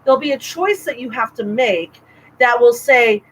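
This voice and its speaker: A woman co-hosting a relaxed podcast, her voice sitting a little high. She talks in an animated, rambling way, often restarting her sentences. A faint hum of background noise sits under her voice. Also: moderate pace, poor audio. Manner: chatty, animated, self-interrupting with restarts. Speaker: podcast co-host. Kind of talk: casual chat.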